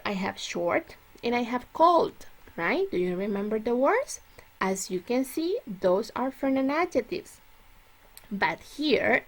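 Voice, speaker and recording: A woman teaching English grammar, explaining slowly and stretching out her example words. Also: a little high. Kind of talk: classroom grammar lesson.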